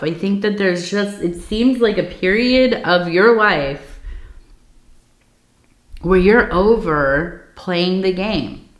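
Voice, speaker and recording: A woman giving a tea leaf reading in a soft, reflective, meandering way, with many fillers and pauses. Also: lowish voice. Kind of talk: intimate spoken reading. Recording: roomy echo.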